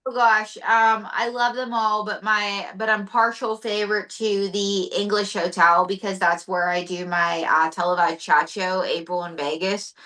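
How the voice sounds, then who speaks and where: A woman's voice: fairly low pitch, pushed and bright. A woman comedian, chatty and playful, with lots of "um"s, playing straight woman in a sketch and then answering interview questions. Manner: chatty, filler-heavy, playful. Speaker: comedian and guest.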